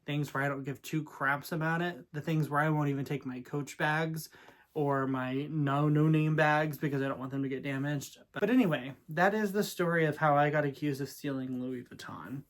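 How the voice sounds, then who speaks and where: A man's voice: a little high, moderate pace. A man vlogging in a casual storytelling style, chatty and sassy with dramatic asides. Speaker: vlogger and real estate agent.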